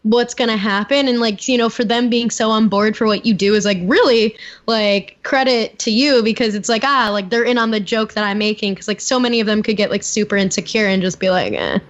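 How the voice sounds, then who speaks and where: A woman's voice: fairly high pitch, fairly even intonation, brisk, hardly any pauses, dull audio. A woman co-hosting a podcast in friendly casual chat, agreeable and full of fillers. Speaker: podcast co-host.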